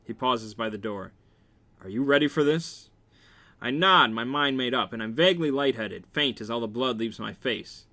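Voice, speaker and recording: A man reads a novel aloud with a bright, forward tone and a middling pitch. He keeps it wry and casual, dropping joking asides between passages. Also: moderate pace, hardly any pauses. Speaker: reader.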